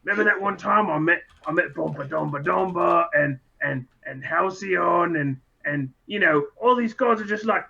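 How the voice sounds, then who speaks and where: Gravelly, bright-voiced brash man. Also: high-pitched, normal speed, few pauses, lo-fi sound. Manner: brash, boastful, swears freely. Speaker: player. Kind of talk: in-character boasting at a tabletop game.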